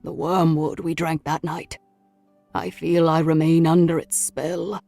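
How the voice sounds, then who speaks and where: A woman voicing a frightened Victorian male spiritualist, speaking in an agitated, drawn-out way. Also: deep voice, level tone, creaky, warm tone, no echo, soft background music. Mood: fearful.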